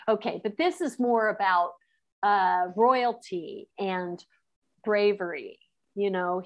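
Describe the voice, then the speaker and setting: A woman teacher reading a children's novel aloud to her class, unhurried, with chatty asides and quick self-corrections. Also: mid-range voice, highs cut off. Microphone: class recording.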